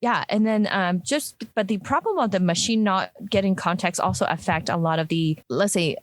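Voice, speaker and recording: A woman's voice: mid-range voice, moderate pace, no echo. A woman, a product designer, talking casually in a discussion, with lots of fillers and restarts. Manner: chatty, many fillers and restarts.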